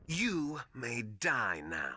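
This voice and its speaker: Brief: sly game villain, slow and drawling, pitch swooping wildly, whispery taunts, music under. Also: male voice, huge pitch swings, sharp tone, slight background noise, exaggerated voice. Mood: taunting. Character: scheming villainous male soldier, mocking. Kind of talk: video game cutscene acting.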